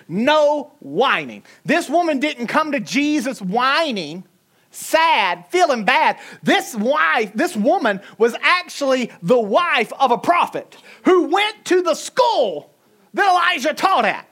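A woman with a Southern US accent preaching a sermon, emphatic and humorous, swinging between loud and soft. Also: high voice, big pitch swings, takes it slowly. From Southern United States.

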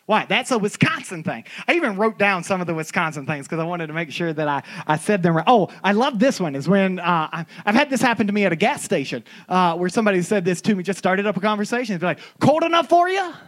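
A middle-aged speaker from Florida, telling personal anecdotes to an audience in a lively, story-driven monologue. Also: mid-range voice, fast talker, hardly any pauses. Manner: animated storyteller who acts out quoted voices.

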